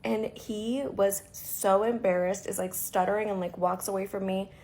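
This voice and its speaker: A woman's voice: medium pitch, fairly even intonation, normal speed, a little mellow. A young woman from India telling a casual storytime rant, exasperated and full of "like" fillers. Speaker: vlogger.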